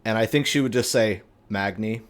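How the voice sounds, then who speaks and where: Slow, low-voiced game master man. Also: fairly even intonation. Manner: unhurried, rambling with fillers. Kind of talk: narrating a tabletop game.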